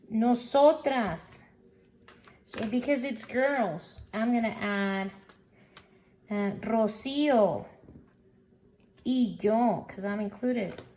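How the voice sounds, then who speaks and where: Woman Spanish teacher, unhurried recorded lesson, patient, spells out each example word. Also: mid-range voice, darkish tone, a little hiss or hum. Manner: slow, patient explaining, sounding out example words.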